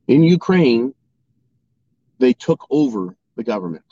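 A man's voice: medium pitch, sing-song, unhurried, gravelly, long pauses, dark tone, no room sound. A man delivering a political opinion monologue, firing rhetorical questions and often asking "right?" to his audience. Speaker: political commentator. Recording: dry, dull lo-fi sound.

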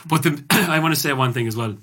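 A fast-talking Irishman with a medium-pitched voice hosts a podcast. He's a casual, animated storyteller who swears a lot.

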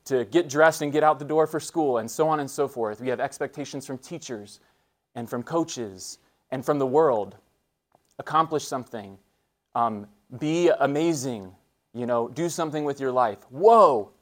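A man in his thirties giving an earnest, conversational faith talk to students, with frequent fillers and restarts. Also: mid-range voice. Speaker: guest speaker at a school.

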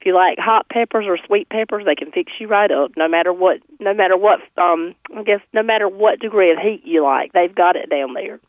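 A woman with a slightly hoarse voice, cheerfully reporting by phone on a farmers market, listing produce with lots of ums. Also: fairly low pitch, brisk, few pauses, dry recording. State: slightly hoarse, recovering from laryngitis. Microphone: phone call. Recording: tinny phone line.

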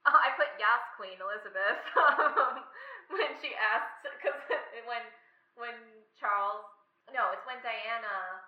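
A woman's voice: on the high side, slow pace. Giggly woman in an echoey lo-fi room. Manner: giggly, acts out quotes in silly voices. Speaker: podcast co-host. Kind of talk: casual campy chat. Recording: echoey, dull lo-fi room sound.

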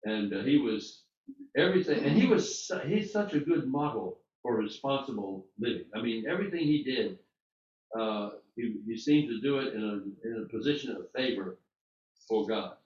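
A man's voice: mid-range voice, lively intonation, darkish tone. Man giving a rambling Bible talk. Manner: conversational, halting with restarts and fillers. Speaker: Bible teacher. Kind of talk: informal sermon. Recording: distant mic in an echoey room, muffled.

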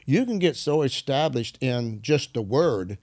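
A man who is a minister, telling stories in an animated, preaching style, often clearing his throat. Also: medium pitch, measured pace, no echo, studio quality. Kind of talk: storytelling preaching conversation.

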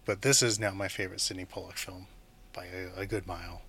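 A man's voice: low-pitched, fairly even intonation, a little fast, fairly bright tone, slight background noise. A man co-hosting a casual film podcast, enthusiastic, laughing often and acting out scenes. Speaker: podcast co-host.

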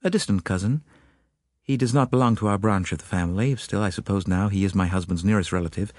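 A man's voice: on the low side, quick pace, a little mellow, no echo, close to an everyday voice. A man voicing a worried mother of two boys, speaking urgently in an audiobook.

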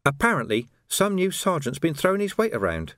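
A man voicing a haughty, sharp-tongued woman who speaks in an icy tone. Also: on the high side, sing-song, unhurried, dry recording, clean studio sound, pitched above the performer's own voice.

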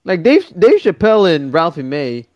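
A man's voice: fairly high pitch, sing-song, normal speed, a little mellow, no room sound, dull audio. Give me a blunt, swearing young man as a podcast guest, dry sound. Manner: swears a lot, blunt and offhand. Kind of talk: casual chat.

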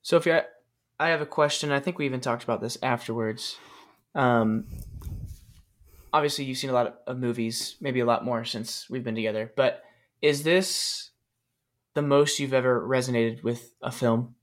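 Halting man co-hosting a movie chat. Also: mid-range voice. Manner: halting, many ums and restarts. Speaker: podcast co-host. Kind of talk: casual movie discussion.

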